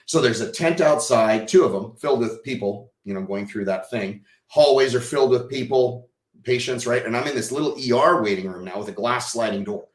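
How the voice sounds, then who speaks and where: A man, a podcast guest, telling a personal story with emotion and acting out the dialogue, swinging from hushed to loud. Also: mid-range voice, a little fast, reverberant. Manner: vivid storyteller who acts out quoted dialogue.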